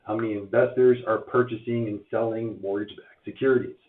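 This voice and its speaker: A man with a hoarse voice from losing it, giving a chatty live-stream update on mortgage rates, full of uhs and restarts. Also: on the low side, steady tone, a little fast. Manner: chatty, filler-heavy, many uhs and restarts. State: hoarse, lost voice. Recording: tinny phone-like sound in an echoey room.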